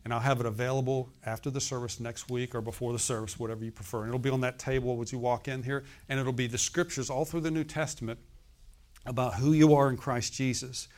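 A man's voice: medium pitch, steady tone, fast, a little mellow. A man in his sixties preaching a sermon as pastor, emphatic and often asking the congregation to answer. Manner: emphatic, asks the congregation questions.

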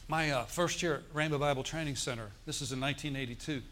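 A man's voice: a little high, quick pace, slight background noise. Storytelling male pastor preaching a sermon. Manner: storytelling preacher, emphatic with bursts of loud exclamation. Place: church.

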